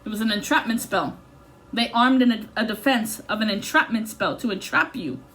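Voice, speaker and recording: A woman's voice: a little high, moderate pace, fairly bright tone. Blunt, intense woman reading tarot. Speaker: tarot reader. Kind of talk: intuitive tarot reading monologue.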